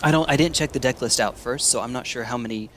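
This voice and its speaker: A man's voice: mid-range voice, fast talker, a bit bright, a little hiss or hum. A young man from the United States chatting casually with his stream chat while playing a card game, rambling and laughing often.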